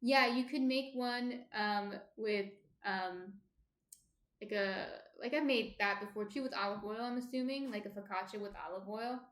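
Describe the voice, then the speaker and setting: A woman's voice: mid-range voice, normal speed, fairly bright tone. Chatty New Jersey woman, echoey room. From New Jersey, USA. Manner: chatty, answers viewer comments. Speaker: baking livestream host. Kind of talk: casual live-stream chat.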